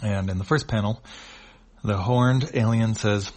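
A man's voice: fairly low pitch, fairly even intonation, a little slow, a little mellow. A man reading a webcomic aloud panel by panel, in a plain, matter-of-fact way with fillers. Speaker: comic reader.

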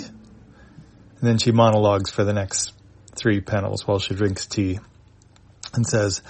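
A man reading a comic aloud, describing panels with halting phrasing and fillers. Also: on the low side, little pitch movement, darkish tone, no echo. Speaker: reader of a webcomic.

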